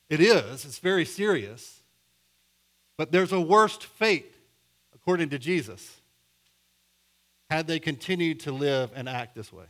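A middle-aged male pastor preaching a sermon, telling a story with a voice that goes from hushed and low to loud and emphatic. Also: animated, a little slow, pauses often.

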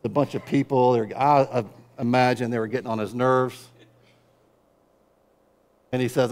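Pastor with rising, driving sermon peaks. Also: male voice, steady tone, normal speed, long pauses. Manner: swings from quiet, low asides to loud, driving build-ups; conversational, wry humor.

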